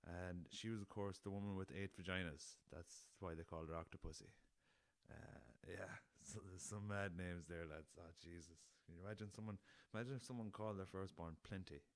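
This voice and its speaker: Young Irish male podcast host, deep voice, loose and jokey, swears a lot, dry recording. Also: steady tone, a little fast, no echo. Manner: laughing at his own jokes, swears freely, rambling. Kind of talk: casual solo podcast chat.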